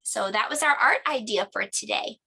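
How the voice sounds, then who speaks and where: A middle-aged woman teaching a homeschool lesson, her voice bright and a little high. She talks clearly and patiently, like a teacher walking parents and kids through an activity. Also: lively intonation, normal speed. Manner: clear, patient teacher talk with clapping of syllables. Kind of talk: home lesson demonstration.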